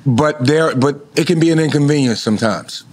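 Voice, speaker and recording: A man's voice: on the high side, brisk. A man chatting as a podcast guest, telling stories in a laid-back, profane way. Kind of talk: casual chat.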